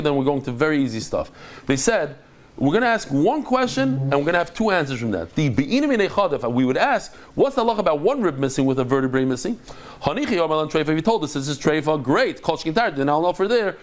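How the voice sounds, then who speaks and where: Excitable rabbi guy teaching talmud, kinda high voice, acts stuff out, keeps restarting. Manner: animated and dramatic, acts out quotes, quick restarts. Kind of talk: lively Talmud lecture to a live group.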